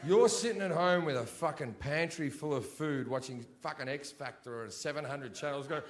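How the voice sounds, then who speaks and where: A male stand-up comedian performing in a large theatre, swinging between shouted rants and low mutters, with heavy swearing. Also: very animated, moderate pace, hardly any pauses. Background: audience laughter.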